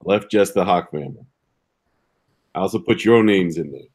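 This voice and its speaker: Brief: man playing a lower-pitched tough-talking gutter fixer with a street drawl. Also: brisk, darkish tone. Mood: grim. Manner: gruff slangy street talk, ain't and gonna. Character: streetwise male gutter fixer addressing the crew.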